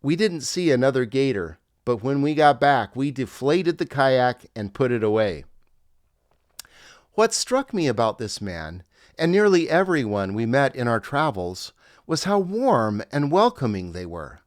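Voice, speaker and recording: A man's voice: medium pitch, sing-song, unhurried, dry recording, clean studio sound. A middle-aged man, a former pastor, narrating his memoir in a wry, reflective storytelling manner.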